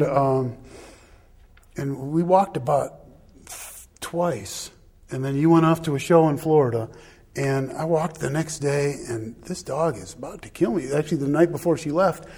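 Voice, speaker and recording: A man with a husky edge to his voice shares a long personal anecdote. He rambles, restarts and chuckles at his own expense. The tone is casual and unpolished. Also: a little high, moderate pace, a little mellow. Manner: rambling, self-deprecating, laughs often. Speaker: husband sharing a personal story. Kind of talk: casual storytelling.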